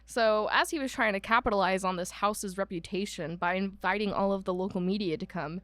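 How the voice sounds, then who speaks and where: A woman's voice: mid-range voice, fairly quick, fairly bright tone, no room sound. A woman from Ohio co-hosting a podcast, telling a ghost story in casual chat with lots of ums. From Ohio, United States. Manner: chatty, many ums, laughs at herself. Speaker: podcast co-host.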